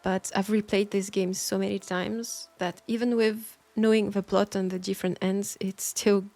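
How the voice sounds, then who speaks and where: A woman with a French accent, an audio roleplay creator answering listener questions in a thoughtful, soft-spoken way with hesitant pauses. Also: medium pitch, level tone, gravelly, soft background music. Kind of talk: Q&A talk.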